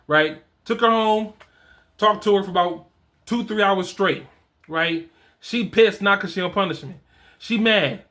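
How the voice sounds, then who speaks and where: A middle-aged man with an animated, conversational way of talking who hosts a show on fatherhood, reading from his program and often restarting his phrases. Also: high voice, a little slow. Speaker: fatherhood coach and host. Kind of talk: casual solo talk reading from a program.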